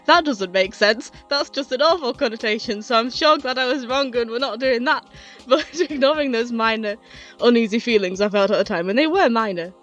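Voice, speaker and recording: Breathless, chatty woman reviewer. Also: fairly high pitch. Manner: chatty and enthusiastic, laughs often. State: slightly out of breath. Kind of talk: casual retrospective review.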